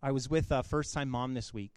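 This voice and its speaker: A man's voice: medium pitch, steady tone, fairly quick, a little mellow, smooth, dry recording, clean studio sound. A man preaching a sermon as a pastor, talking casually and conversationally with fillers and laughs.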